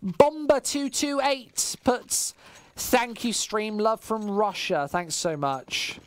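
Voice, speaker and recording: A man with a West Midlands English accent doing solo play-by-play commentary on a live stream, casual and chatty with chat, surging loud and high on big plays. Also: slow pace. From West Midlands, England. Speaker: esports commentator.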